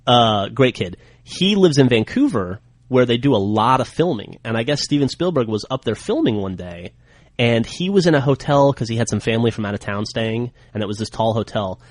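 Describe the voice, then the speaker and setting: A man hosting a podcast who tells a story in casual chat, animated and chatty. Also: medium pitch, a little fast, dry recording. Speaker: podcast host.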